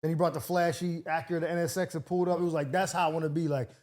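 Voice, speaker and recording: A man's voice: a little high, fairly even intonation, rapid-fire, darkish tone. A male comedian and show regular telling a story in casual podcast chat, acting out other people's lines.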